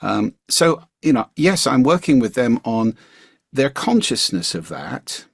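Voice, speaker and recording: A man being interviewed as a communication coach, explaining his points in an articulate, measured way. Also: mid-range voice, sing-song, gravelly, slightly rough, dry recording, clean studio sound. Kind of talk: interview conversation.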